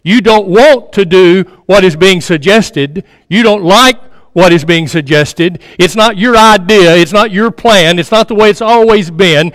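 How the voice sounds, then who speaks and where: Male preacher, high voice, conversational sermon, repeats lines, long hall reverb. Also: measured pace, fairly bright tone, clean studio sound. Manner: conversational, repeats phrases for emphasis, drops to a near-murmur. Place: church sanctuary.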